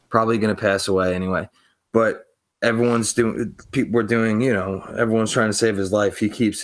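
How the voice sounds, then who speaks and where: A man's voice: fairly low pitch, a bit bright. A young man on a casual podcast, telling a long rambling story full of swearing and acted-out quotes. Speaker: podcast co-host.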